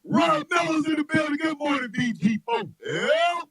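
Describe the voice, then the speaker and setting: A man who is a comedian and radio host, joking loudly in animated casual chat, often shouting and laughing. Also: very high-pitched, normal speed, dry recording, low-quality recording.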